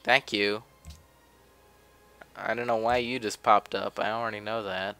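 A young man in casual gameplay commentary, chatty and offhand, close on a desk mic. His voice is bright and smooth, a bit low, and faint music sits underneath. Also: little pitch movement, measured pace. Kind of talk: casual let's play commentary.

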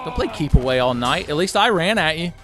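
A young man giving casual, profane commentary while playing a fighting game, often shouting his special moves. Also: a little high, brisk, over music. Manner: excitable, profane, yelling move names. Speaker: let's-play commentator.

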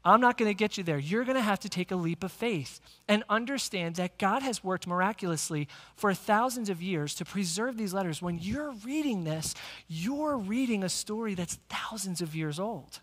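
A male pastor preaching a sermon, energetic and speaking directly to the congregation in a church sanctuary. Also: sits high, normal speed. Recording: long church hall reverb.

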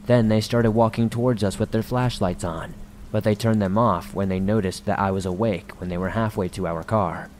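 A man's voice: on the low side, steady tone, normal speed, a little mellow, a little hiss or hum, lightly acted. A man voicing a husband who speaks urgently and tensely in a horror story reading. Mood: panicked. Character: panicked young husband, urgent.

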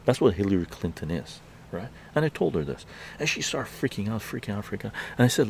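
A man's voice: fairly low pitch, sing-song, fast, vocal fry, darkish tone, slight background noise. A man hosting a live stream, telling a story in a heated, ranting way outdoors on a patio, often tagging his sentences with "right?". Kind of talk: casual political monologue.

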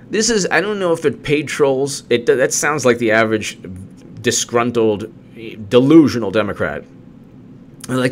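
A man's voice: medium pitch, animated, brisk, a little hiss or hum. A man giving an unscripted, sarcastic political rant, repeating points and mocking his opponents. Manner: ranting, sarcastic, mocks opponents in put-on voices. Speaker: political commentator.

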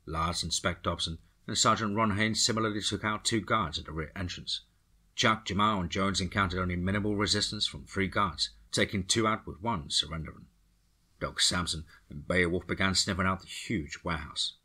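Deep, husky male story narrator. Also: moderate pace, pushed and bright. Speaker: horror story podcast narrator.

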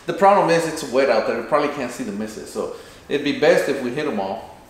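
A man's voice: medium pitch, animated, brisk. A man hosting, casually talking through a plan for a video and acting out lines. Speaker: channel host. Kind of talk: casual planning chat. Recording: very echoey room, faint noise.

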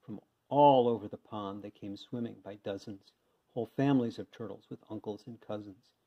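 A man's voice: on the low side, normal speed. Man reading a children's story aloud. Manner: lively, expressive storytelling. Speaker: reader. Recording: dull lo-fi sound.

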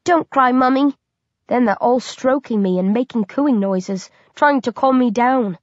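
A woman narrating a first-person horror audiobook with a dramatic, expressive delivery and a fairly high voice. The sound is dull and lo-fi, close and dry with no room echo. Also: a little slow.

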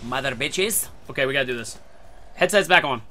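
A man giving excitable gameplay commentary who swears a lot and breaks into sudden shouts. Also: mid-range voice, a little fast. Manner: talks to himself and his teammates. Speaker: gaming video creator.

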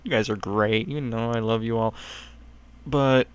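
A gaming YouTuber offers casual, rambling commentary on a video game in a smooth, resonant voice of ordinary pitch. He's chatty and self-mocking, keeps up friendly chatter, and breaks into quick excited yelps.

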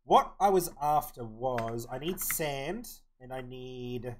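A young man with a medium-pitched voice and lively intonation speaks slowly while live-streaming a game. In casual commentary, he mumbles his plans to himself and thinks aloud as he plays.

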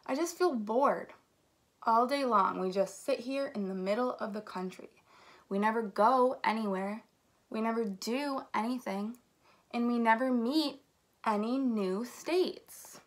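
A woman's voice: fairly high pitch, unhurried, natural voice. A woman doing a restless moaning storybook state. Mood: glum. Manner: moaning, then eager. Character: bored restless male state, a gloomy storybook character.

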